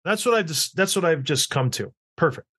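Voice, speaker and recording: A man's voice: a little high, expressive, a little fast, sharp tone, husky, no room sound, clean studio sound. Ranting man with a raised voice. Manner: blunt, emphatic, ranting and teasing. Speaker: podcast host. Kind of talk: casual opinionated rant.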